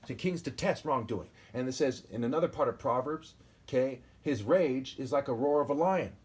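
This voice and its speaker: A man's voice: medium pitch, normal speed, darkish tone, breathy edge. A man in his forties recording a solo video monologue, reading scripture and commenting on it in a combative, ranting, insulting way, often breaking off with "okay?". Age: 40s. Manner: preachy, keeps asking "okay?". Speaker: self-styled preacher.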